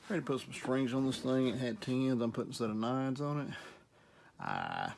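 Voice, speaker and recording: Middle-aged Southern man, heavy vocal fry, laid-back workshop instructor, faint noise. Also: medium pitch, normal speed. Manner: relaxed, rambling, talks while working. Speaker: guitar repair instructor. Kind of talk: casual how-to demonstration.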